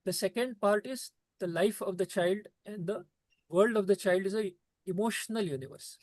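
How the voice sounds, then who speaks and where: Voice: medium pitch, moderate pace, a little mellow, no room sound. A trainer gives an earnest, repetitive talk to teachers over a video call. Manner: repetitive, emphatic, preachy phrasing.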